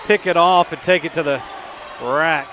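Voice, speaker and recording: A man giving color commentary on a high school basketball game, calmly explaining the defenses. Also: moderate pace. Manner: analytical, explains defensive schemes. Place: school gym broadcast booth. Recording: noisy gym ambience behind.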